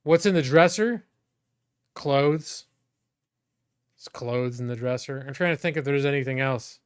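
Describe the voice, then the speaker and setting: A man's voice: medium pitch, measured pace, smooth. A man streaming from his bedroom, chatting casually and rambling as he shows the room. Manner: rambling, restarts sentences. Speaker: streamer giving a room tour. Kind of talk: casual chat. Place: bedroom at home.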